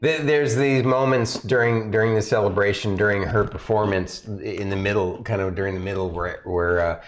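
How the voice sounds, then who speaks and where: A man's voice: lowish voice, fairly even intonation, normal speed. A man narrating as game master, rambling with many restarts. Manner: rambling, full of fillers and restarts.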